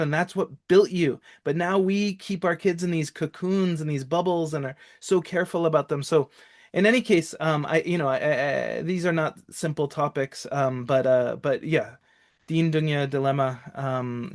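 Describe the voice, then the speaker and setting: Rambling, higher-voiced man on a webinar. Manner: rambling, self-interrupting. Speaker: college counselor. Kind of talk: live webinar talk.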